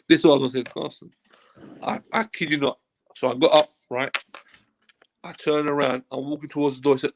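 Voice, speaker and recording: There's slight background noise behind this man's mid-range voice. He's a football agent telling an offhand story as an interview guest, lively in delivery, quoting dialogue theatrically and swearing with abandon.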